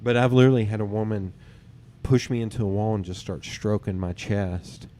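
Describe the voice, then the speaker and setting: A man's voice: fairly low pitch, brisk. A man hosting a podcast, telling personal dating stories in casual chat, acting out what others said and swearing casually. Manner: animated storyteller who acts out others' lines, swears casually. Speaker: podcast host.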